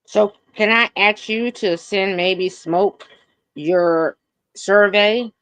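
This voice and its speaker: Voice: mid-range voice, slow pace, fairly bright tone, clean tone, dry recording. A panelist on a live stream who chats eagerly over a video call and repeats the same question several times. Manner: eager and repetitive. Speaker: livestream panelist. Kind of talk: casual chat on a live panel.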